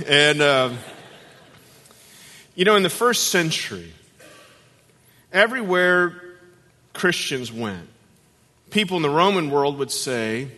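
A man preaches in an animated storytelling style, his voice bright and sharp and a little high. The sound rings with the long reverb of a large church sanctuary. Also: slow pace, pauses often. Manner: animated, acts out voices in stories. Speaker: guest pastor. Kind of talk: sermon with storytelling.

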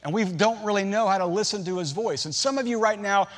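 A middle-aged man preaching a sermon, telling a family story in a relaxed, conversational way with humorous asides. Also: sits high, fast. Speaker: pastor.

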